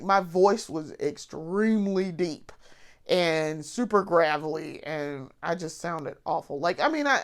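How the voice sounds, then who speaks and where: A woman vlogger ranting bluntly while sick and congested, swearing freely and restarting her sentences. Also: lowish voice. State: sick with covid, congested and coughing. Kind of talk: casual vlog rant.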